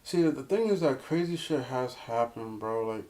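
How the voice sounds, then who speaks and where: A young man guesting in a casual chat, speaking earnestly and haltingly, often repeating words as he restarts. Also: mid-range voice, expressive, darkish tone.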